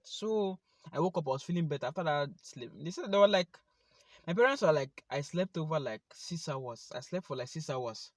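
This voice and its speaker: A young man with a Nigerian accent gives a personal testimony to camera, animated and speaking straight to his viewers. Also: on the high side, moderate pace, no echo, clean studio sound. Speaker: vlogger.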